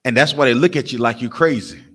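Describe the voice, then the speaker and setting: Fast and sharp-toned, this Southern US man has a mid-range voice as he teaches a street class. The lesson is preached emphatically and repetitively with asides, and he calls people by name.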